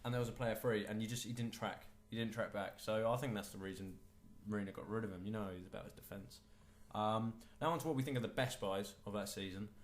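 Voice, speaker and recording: A man's voice: lowish voice, fast, few pauses. A man co-hosting a casual football podcast, opinionated and enthusiastic about players. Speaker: podcast co-host.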